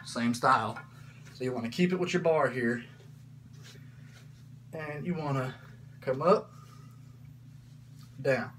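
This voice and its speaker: A man talks through a workout as he lifts, casual and plain-spoken, a little out of breath between reps. His voice sits at an ordinary middle pitch. A faint hum runs underneath. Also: takes it slowly, long pauses, a bit bright, rough recording. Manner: casual, coaching, says y'all and frickin'. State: slightly out of breath. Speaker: fitness vlogger.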